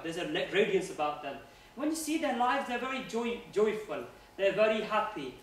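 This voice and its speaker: A man with a fairly high voice gives an earnest, conversational religious talk to a student audience. He is heard from some distance in a very echoey room, with faint noise behind him. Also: very animated, normal speed. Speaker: guest speaker at a university society.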